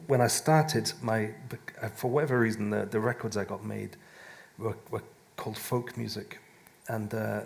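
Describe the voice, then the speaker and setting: A man with a gravelly, creaky tone talks on a live panel. His speech wanders, full of restarts and little laughs. He sounds relaxed and unscripted. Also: fairly low pitch. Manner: rambling, self-interrupting, laughs often. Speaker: musician and author on a panel. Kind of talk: casual panel talk. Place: live event stage.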